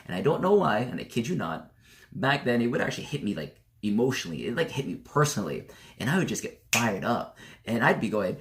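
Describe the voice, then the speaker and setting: A man in his thirties talks straight to camera in a casual vlog. His voice climbs and dips with lively swings as he tells his stories. He acts out old heated arguments with gusto. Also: lowish voice, quick pace. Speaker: network marketing vlogger.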